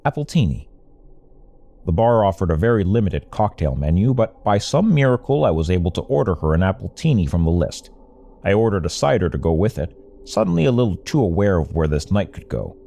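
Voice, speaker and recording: A man's voice: low voice, sing-song, a little fast, gravelly, mellow. A young man telling a first-person story in a wry, conversational way. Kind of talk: storytelling narration.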